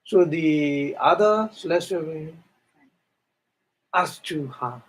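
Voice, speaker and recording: A man teaching a dharma lecture in halting English, explaining Pali terms word by word and often asking "huh?". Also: a little high, lively intonation. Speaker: Buddhist meditation teacher.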